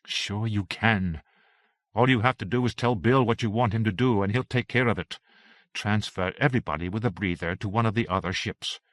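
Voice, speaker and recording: A man voicing a resolute female starship captain who gives steady, quiet orders. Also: fairly low pitch, a little fast, no room sound, lightly acted. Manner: steady, firm, quietly commanding.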